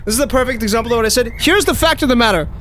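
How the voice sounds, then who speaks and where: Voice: medium pitch, rapid-fire, fairly bright tone, a little hiss or hum. A young adult streamer giving casual, slangy live commentary on a match and talking straight to chat. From South Africa. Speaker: game streamer.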